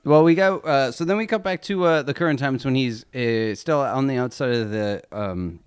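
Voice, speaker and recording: A man's voice: medium pitch, normal speed, clean tone, no echo. A man on a podcast, casually retelling a film's scenes with frequent laughs. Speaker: podcast co-host. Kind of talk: casual chat recapping a film.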